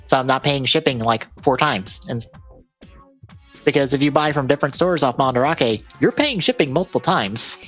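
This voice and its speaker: Male podcast co-host, mid-pitch, loose rambling delivery, faint music bed. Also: expressive, moderate pace, fairly bright tone. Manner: rambling, self-correcting, laughs often. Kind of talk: casual chat and reading release lists.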